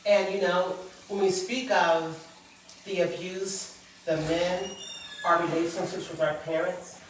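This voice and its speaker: A woman's voice: lowish voice, fairly even intonation, measured pace, slight background noise. A middle-aged woman, a guest author, sharing a personal story on a talk show in an earnest, reflective way. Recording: echoey room, far from the mic.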